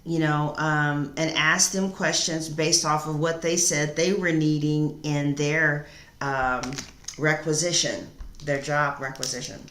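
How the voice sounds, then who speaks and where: A woman's voice: sits low, fairly even intonation, a little slow, a little hiss or hum. Sassy outspoken woman in an echoey room. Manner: sassy, outspoken, talks back to chat with loud laughing asides. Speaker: tarot reader. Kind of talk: live-stream chat reading viewer comments.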